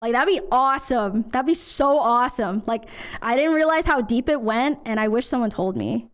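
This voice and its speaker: A young woman streamer talking candidly in halting casual chat, full of fillers and tearing up at times. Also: fairly high pitch.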